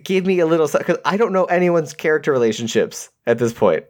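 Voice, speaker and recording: Podcast co-host, male, loose rambling recap delivery, lively. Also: fairly high pitch. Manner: rambling, animated, quick to quote characters. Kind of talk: casual movie discussion.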